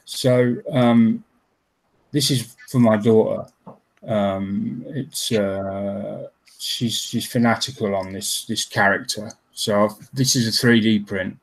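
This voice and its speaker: Slow hesitant low-voiced man. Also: fairly even intonation, poor audio. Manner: hesitant, many ums. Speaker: hangout participant. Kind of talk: casual chat.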